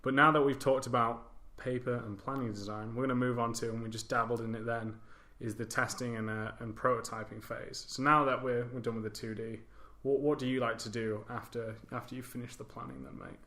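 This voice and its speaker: A man's voice: medium pitch, flat delivery, a little fast, bright, forceful tone. A man hosting a casual podcast discussion, chatty and informal with a self-deprecating touch. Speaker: podcast host.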